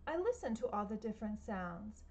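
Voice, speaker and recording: A woman's voice: medium pitch, sing-song, normal speed, darkish tone. A woman reading a picture book aloud to children at home, playfully imitating sounds and asking her listeners questions. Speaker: storytime reader.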